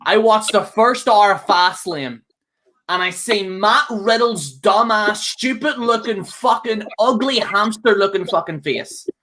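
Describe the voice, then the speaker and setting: A man co-hosts a wrestling chat with a bright, forceful tone. He rants angrily and swears freely. He circles back on his own words and keeps checking in with "okay?". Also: high-pitched, unhurried. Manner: angry, profane, repeats himself, keeps ending with "okay?". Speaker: co-host. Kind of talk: casual podcast rant.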